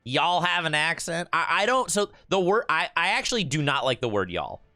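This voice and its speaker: With big pitch swings and a high-side, bright, forceful voice, a young man from Michigan chats casually with his stream over a card game at a moderate pace. He stammers and repeats words often, in a dry recording.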